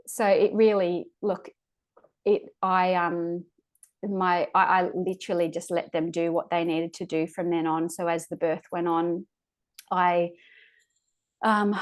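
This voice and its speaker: A woman speaks as a podcast guest, telling her own birth story. Her voice sits low and stays fairly flat. She pauses and restarts often as she searches for words, and she sounds emotional, close to tears at times. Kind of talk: recounting a personal birth story.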